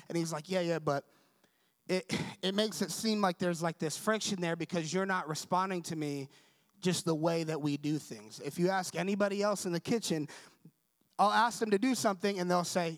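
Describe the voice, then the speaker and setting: A man's voice: sits high, steady tone, moderate pace, no room sound. A young man giving a conversational sermon, telling a story and acting out the dialogue, often checking in with the audience. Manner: conversational, asks the audience for agreement. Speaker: preacher.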